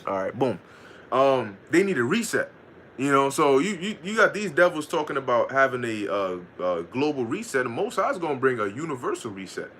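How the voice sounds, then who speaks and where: A man giving a casual scripture lesson, reading verses slowly and commenting in loose, profane talk with frequent laughter. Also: medium pitch, big pitch swings, a bit bright, a little hiss or hum. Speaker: Bible teacher.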